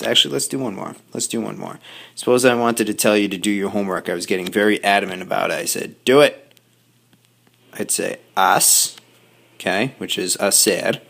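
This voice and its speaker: A man teaching a recorded Spanish grammar lesson, explaining patiently step by step with quick asides to his students. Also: on the low side, creaky, a bit bright. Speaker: high school Spanish teacher.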